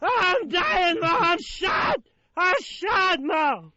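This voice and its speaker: A drunken cartoon barfly who screams and sobs that he is shot, his voice pitched painfully high and lurching wildly up and down. It comes over a dull, lo-fi radio broadcast. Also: lively intonation, slow, sharp tone, dry recording, exaggerated voice. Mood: wailing, desperate. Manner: screaming, sobbing, desperate.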